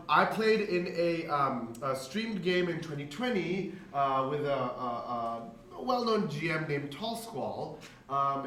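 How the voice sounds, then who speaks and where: A man's voice: fairly high pitch, sharp tone. A man giving a chatty talk to game masters, tagging lines with "right?" and acting out quotes. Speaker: presenter. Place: event space. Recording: echoey hall, voice from far off, faint room noise.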